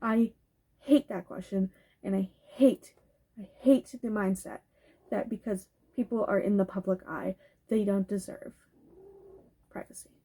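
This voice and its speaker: A woman's voice: mid-range voice, unhurried, long pauses, mellow, husky. A woman talking candidly in a casual tag video at home, swearing freely and getting heated at times. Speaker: goth YouTuber. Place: home bedroom with a cat nearby.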